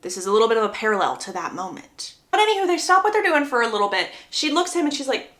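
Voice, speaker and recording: Young woman gushing through a book plot, bit high voice, roomy echo. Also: big pitch swings, racing, a bit bright. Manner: chatty and enthusiastic, quoting characters in passing. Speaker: book summary creator. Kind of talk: casual retelling of a novel's plot.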